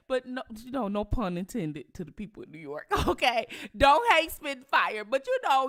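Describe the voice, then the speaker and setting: A woman's voice: on the high side, pushed and bright. A woman from Detroit with a Detroit accent, hosting casual commentary, emphatic and outraged, repeating herself for effect. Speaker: commentary channel host.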